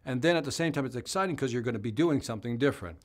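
A man's voice: medium pitch, very fast. A man hosting a live stream as a sales trainer, chatting energetically and answering viewer comments directly. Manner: energetic, conversational, talks straight to viewers.

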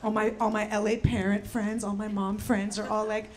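A middle-aged woman from the former Soviet Union doing a stand-up set, brash and shouting her punchlines with mock-gentle asides. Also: medium pitch, little pitch movement, normal speed. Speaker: stand-up comedian. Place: comedy venue with live audience. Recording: loud crowd and room noise. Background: audience laughter.

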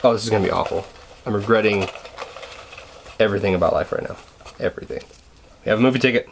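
A man's voice: on the low side, quick pace, gravelly, background noise. A young man rambling casually to camera at home, self-deprecating and full of restarts. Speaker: vlogger. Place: bedroom at home, indoors.

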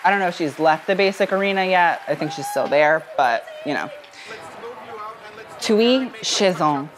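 A woman's voice: on the low side, animated, normal speed, background noise. A woman from the UK giving chatty, sassy fashion reaction commentary as a vlogger. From United Kingdom.

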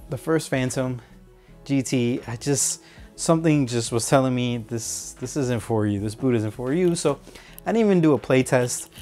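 An adult man with a mid-range, somewhat dark voice casually unboxes and reviews football boots. He rambles hesitantly, filling gaps with fillers, restarting sentences, and correcting himself.

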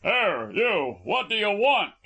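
A man voicing a big, armed, defiant male fisherman who shouts threats across the water. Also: sits high, sing-song, takes it slowly, husky, pitched above the performer's own voice, full character voice. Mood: threatening shout.

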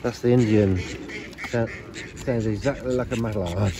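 A man's voice: on the low side, fairly even intonation, normal speed. A man feeding swans at a lakeside, talking casually to the birds by name in a chatty, coaxing way. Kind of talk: casual talk to birds on camera. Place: outdoors at a lakeside. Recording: outdoor noise behind the voice. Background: outdoor ambience with ducks and swans.

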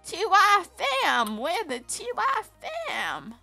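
A woman putting on a silly, drawn-out voice to read chat messages aloud. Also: very high voice, huge pitch swings, creaky, bright, forceful tone, faint music behind, pitched above the performer's own voice, full character voice. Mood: goofy.

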